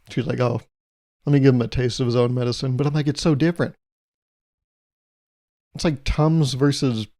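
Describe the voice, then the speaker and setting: A young man hosts his own podcast alone. He rambles comically, mocks himself and plays out small imagined conversations. His voice is mellow and sits at a middle pitch. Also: gravelly. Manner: self-mocking, plays out imagined exchanges. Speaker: podcast host. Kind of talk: solo comedic podcast monologue.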